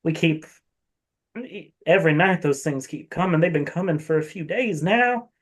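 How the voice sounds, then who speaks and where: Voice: medium pitch, expressive, moderate pace, pitched above the performer's own voice, lightly acted. A game master voicing a nervous, overwhelmed male cleric who stammers and drawls in a put-on accent. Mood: weary, frightened. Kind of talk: tabletop game role-play.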